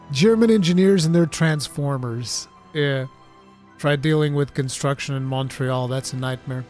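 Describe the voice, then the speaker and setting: A man hosting a live gaming talk stream, reading chat questions and chatting casually in an animated, rambling way. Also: medium pitch, takes it slowly, faint music behind. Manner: animated, excitable, rambling with restarts.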